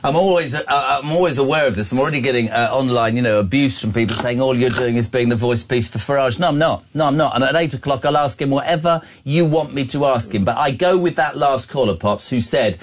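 A brisk male breakfast radio host with a middle-pitched voice. He talks in quick, opinionated bursts and stumbles over restarts as he goes. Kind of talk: talk radio banter.

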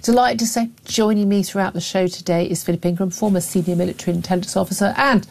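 A woman's voice: medium pitch, steady tone, quick pace, vocal fry, a little mellow. A woman, a middle-aged talk radio host, delivering emphatic, opinionated commentary with frequent restarts.

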